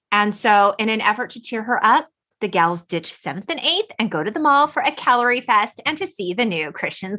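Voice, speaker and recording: A woman in her forties hosting a podcast, recapping a film in animated casual chat, quoting characters and laughing often. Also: on the high side. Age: 40s. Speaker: podcast host.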